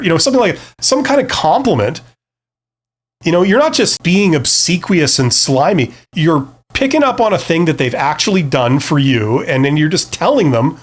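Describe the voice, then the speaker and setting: Guy rambling through some job interview tips, kinda highish voice, lots of "like" and "you know", restarts himself a bunch. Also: very animated, fairly quick. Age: adult past his early twenties. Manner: rambling, self-deprecating, many fillers and restarts. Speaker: career advice vlogger. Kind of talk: casual advice talk to camera.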